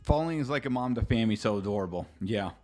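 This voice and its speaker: A man's voice: on the low side, lively intonation, fast, darkish tone. A man streaming a casual live reaction, rambling and chatty, swearing freely and talking straight to his chat.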